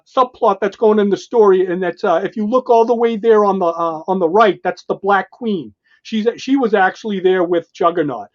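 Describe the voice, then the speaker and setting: Excited man retelling comic panels, lo-fi. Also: high voice. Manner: excited, retells panels and acts out the dialogue in quick bits. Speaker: podcast co-host. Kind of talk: casual comic book chat.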